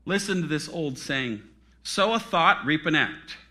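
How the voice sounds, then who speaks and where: Slow, bright-voiced man preaching. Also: fairly high pitch, expressive. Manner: dramatic preaching with sudden loud rises and hushed drops. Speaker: pastor. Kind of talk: sermon.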